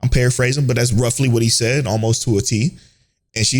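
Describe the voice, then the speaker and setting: A man's voice: medium pitch, fast. A man co-hosting a casual anime podcast. He rants animatedly, swears freely and acts out the characters' lines as he retells scenes. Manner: animated, profane ranting, acts out quoted characters. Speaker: podcast co-host.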